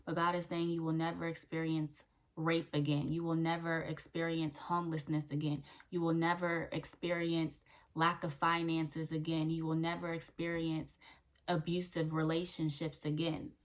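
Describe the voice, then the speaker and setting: A woman's voice: low-pitched, level tone, moderate pace. A young woman hosting her faith channel, giving an earnest devotional teaching that repeats key phrases and checks in with "okay?". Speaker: faith coach and channel host.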